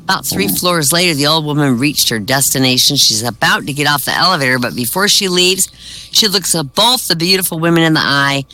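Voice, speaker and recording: A man telling a string of old jokes to an online comedy audience, jumping his pitch to act out each character's line. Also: expressive, a little fast, bright, forceful tone. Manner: acts out characters' lines with pitch jumps. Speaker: comedy set performer.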